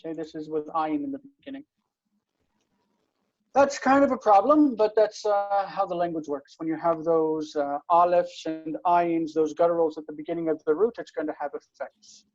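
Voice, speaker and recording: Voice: mid-range voice, moderate pace, darkish tone. A teacher giving an online grammar lesson over a video call, explaining patiently with lots of fillers and restarts. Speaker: Hebrew teacher. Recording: muffled video call audio.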